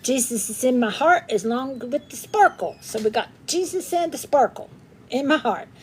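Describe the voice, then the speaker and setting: A woman's voice: sits high, expressive, normal speed, a little hiss or hum. A woman hosting a craft livestream in casual, rambling chat, greeting viewers by name and laughing often.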